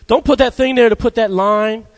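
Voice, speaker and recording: A man's voice: very high voice, steady tone, moderate pace, long reverb tail, voice pushed up. A man voicing a lump of clay on a potter's wheel that whines and protests against being shaped. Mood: indignant protest. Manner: complaining, whiny protests.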